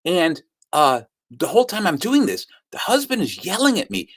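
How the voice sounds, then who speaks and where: Man, guest speaker on sales, animated storyteller, pitch swinging widely. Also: normal speed, breathy edge. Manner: animated storyteller who acts out the quotes. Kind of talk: storytelling talk.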